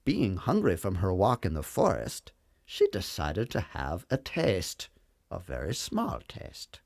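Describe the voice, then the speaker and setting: A man narrating a children's story in an expressive, sing-song storyteller manner. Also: low-pitched, slow, creaky, dry recording, clean studio sound.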